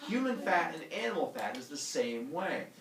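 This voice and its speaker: Animated man telling a myth to a class. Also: fairly high pitch, moderate pace, a little hiss or hum. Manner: animated, acts out characters with silly voices. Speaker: teacher. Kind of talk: storytelling lesson to students. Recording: echoey room from far off.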